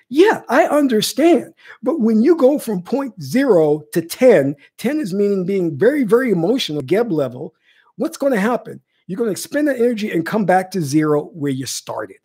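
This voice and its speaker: A woman's voice: lowish voice, very animated, moderate pace, mellow, breathy edge. A woman spiritual coach giving an impassioned monologue, emphatic and repetitive, pleading with her listeners.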